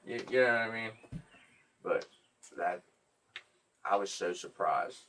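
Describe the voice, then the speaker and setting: A man's voice: on the low side, moderate pace, pauses often, recorded from a distance, slight background noise. A man hosting a podcast, telling stories in a casual, profane, joking way. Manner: profane, joking, animated storyteller. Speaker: podcast host. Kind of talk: casual storytelling chat.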